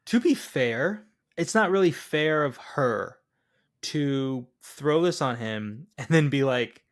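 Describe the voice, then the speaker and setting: A man's voice: medium pitch, lively intonation, slow pace. A man co-hosting a film podcast, rambling casually with many fillers. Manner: rambling, heavy on "like" and "um". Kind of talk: casual film review chat.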